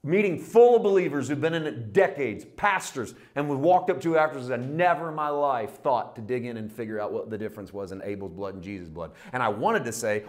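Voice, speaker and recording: A man preaching a Bible study in a folksy, conversational style that leans on rhetorical questions. His delivery swings hard between loud, punchy emphasis and quiet, low asides. His voice sits at a middle pitch. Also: animated, fast talker, hardly any pauses. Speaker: Bible teacher. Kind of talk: sermon.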